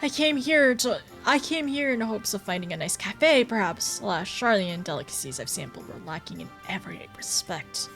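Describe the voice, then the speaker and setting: A woman's voice: medium pitch, animated, normal speed, hardly any pauses, a bit bright, faint music behind. A woman voicing a pompous sulky young nobleman. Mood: haughty sulking. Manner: haughty, complaining, theatrical. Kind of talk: reading game dialogue aloud.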